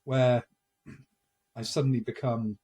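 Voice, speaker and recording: A man's voice: mid-range voice, little pitch movement, slow, mellow. A man in his forties co-hosting a casual comedy podcast, telling self-mocking stories and often laughing at them. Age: 40s. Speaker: podcast co-host.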